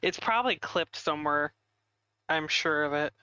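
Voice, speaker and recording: A man's voice: on the high side, normal speed, pushed and bright, clean tone, dry recording, dull audio. A man chatting casually on a live stream, rambling and giggling as he snacks. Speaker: streamer co-host.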